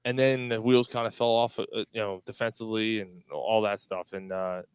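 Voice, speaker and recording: A man's voice: fairly low pitch, moderate pace, clean tone, no echo. A man co-hosting a casual sports podcast, talking bluntly and with plenty of swearing. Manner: blunt, animated, swears freely. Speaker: podcast co-host.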